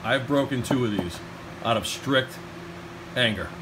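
A man hosting casual chat in a garage while working on a truck, animated and joking, laughing often. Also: medium pitch, unhurried, noisy background. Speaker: host. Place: home garage.

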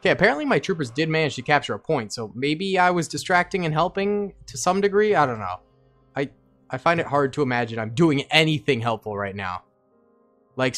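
A young man giving excitable let's-play commentary, yelping and laughing often. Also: a little high. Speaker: gaming YouTuber.

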